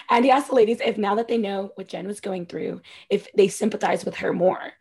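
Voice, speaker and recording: A woman co-hosting a casual podcast, recapping a reality-TV reunion in a chatty, profane, animated way. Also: mid-range voice, brisk, few pauses, husky. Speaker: podcast co-host.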